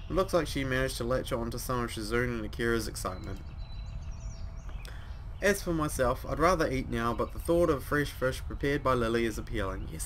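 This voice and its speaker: A man's voice: mid-range voice, fairly bright tone, a little hiss or hum. A young man reading a visual novel aloud, breaking off into joking, sweary asides. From New Zealand. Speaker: let's play host.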